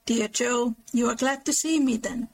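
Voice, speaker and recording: A woman's voice: a little high, moderate pace, creaky, a little mellow, low-quality recording. A woman reading as a mischievous young man. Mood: playful.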